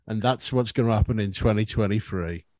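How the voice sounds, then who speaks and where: A man's voice: on the low side, fairly quick, a little mellow, dry recording. A man co-hosting a podcast, rambling and joking in casual banter, often stumbling and repeating words. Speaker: podcast co-host.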